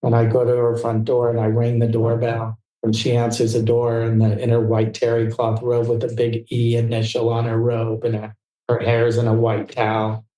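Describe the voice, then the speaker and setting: A man's voice: mid-range voice, completely flat delivery, warm tone. Man telling stories in a roomy echo. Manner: fast, tumbling anecdotes with restarts. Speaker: guest. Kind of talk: storytelling in casual interview.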